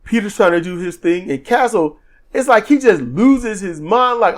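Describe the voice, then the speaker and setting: A man co-hosting a podcast, giving an animated, joking wrestling review in casual chat. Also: sits high, normal speed. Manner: animated, acts out quotes in silly voices; joking, laughs often. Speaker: podcast co-host.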